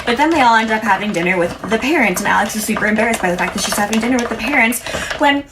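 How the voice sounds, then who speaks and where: A woman's voice: on the high side, expressive, racing, background noise. Chatty young woman recapping a sitcom. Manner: chatty, rambling, opinionated, self-interrupting. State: has the hiccups. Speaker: pop culture commentator. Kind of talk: casual recap chat to camera.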